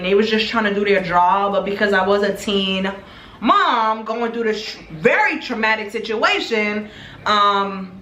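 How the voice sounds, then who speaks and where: A woman's voice: mid-range voice, a bit bright. A young woman vlogger telling a candid, emotional story from her own life in a blunt, casual way, with some swearing. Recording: echoey room, faint background hum.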